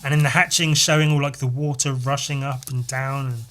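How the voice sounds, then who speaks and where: Dude on a podcast narrating a wordless comic, swears a lot, laughs along, lively. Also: male voice, mid-range voice, a little fast. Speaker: podcast host. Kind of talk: casual chat, retelling a picture story.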